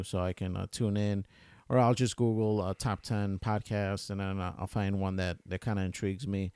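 A man with a smooth, resonant, somewhat low voice co-hosts a relaxed podcast. He rambles along, circling back with restarts and fillers as he thinks aloud. The sound is dry and close. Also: normal speed, no echo. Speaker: podcast co-host. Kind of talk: casual chat. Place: Chicago.

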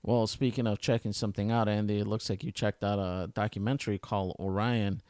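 A man's voice: on the low side, level tone, a little fast, a little mellow, dry recording, clean studio sound. A man co-hosting a podcast in casual, rambling chat, full of restarts and fillers. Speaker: podcast co-host. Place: Chicago.

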